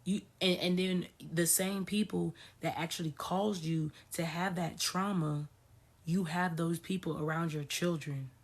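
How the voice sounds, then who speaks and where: Husky, low-voiced woman ranting emphatically. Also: steady tone, measured pace. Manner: emphatic, repeats phrases for stress, swears. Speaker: spiritual coach. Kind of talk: casual ranting commentary.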